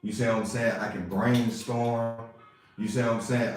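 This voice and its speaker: A man's voice: mid-range voice, steady tone, moderate pace. A man hosting a podcast, giving a casual motivational monologue, repeating himself and asking if listeners see what he means. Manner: casual, preachy, repeats phrases, asks "you see what I'm saying". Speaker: podcast host. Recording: roomy echo with faint music.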